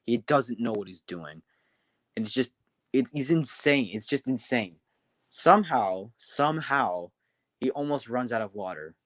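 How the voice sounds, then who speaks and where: Male streamer, casual storyteller, rambling and halting, dry sound. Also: mid-range voice, animated, no room sound. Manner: rambling, many restarts and fillers.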